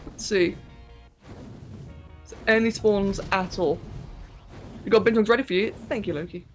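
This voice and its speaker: A woman's voice: medium pitch, moderate pace, soft background music. A woman streaming a game live, chatting casually, thinking aloud and answering her chat as she plays.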